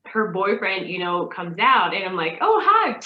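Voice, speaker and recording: Woman, interview host, animated, laughs a lot, dull muffled lo-fi audio. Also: fairly low pitch, normal speed. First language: French. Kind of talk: casual interview. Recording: roomy, dull lo-fi sound.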